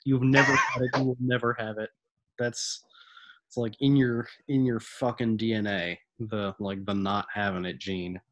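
A man co-hosting a podcast while sick, his voice husky and congested, talking in a groggy, grumbling, halting way. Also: on the low side, level tone, fairly bright tone, muffled recording. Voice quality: husky from illness. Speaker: podcast co-host. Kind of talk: casual chat.

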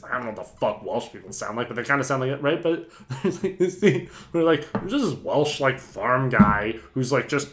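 Animated, rambling man on a podcast. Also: medium pitch, fairly quick. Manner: rambling and excitable, heavy on "like" and "right", laughing often. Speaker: podcast co-host. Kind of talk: casual film podcast chat. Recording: roomy echoey room.

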